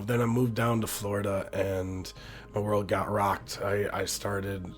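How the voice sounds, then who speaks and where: A young man from Wisconsin hosting a podcast, telling his personal story in an earnest, halting way and often restarting his sentences. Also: on the low side. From Wisconsin, USA. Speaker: podcast host.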